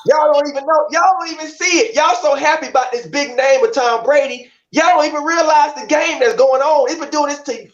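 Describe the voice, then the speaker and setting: A man's voice: very high-pitched, normal speed, lo-fi sound. A man ranting in heated sports talk, repeating himself and calling out to his chat, from the Tampa area. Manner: ranting, repetitive, addresses the chat. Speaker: co-host of a sports call-in stream.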